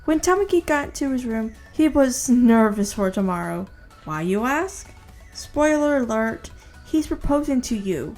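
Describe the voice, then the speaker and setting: A woman's voice: on the high side, big pitch swings, unhurried, a little mellow, soft background music. Woman reading fan fiction aloud. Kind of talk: second-person fan-fiction narration.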